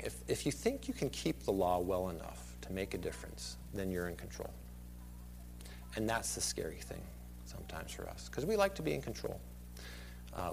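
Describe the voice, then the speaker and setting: A man in his thirties preaching a sermon, conversational and digressive, often dropping suddenly to a quiet voice. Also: medium pitch. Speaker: pastor.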